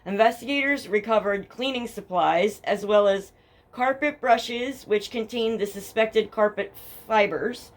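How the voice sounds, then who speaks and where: Her voice is medium in pitch and a little slow, carrying a New Jersey accent. This young true crime podcaster, recorded with headphones and a home mic, reads from case files and stops to tear into them with blunt, sarcastic, heavily profane commentary in a casual storytelling style.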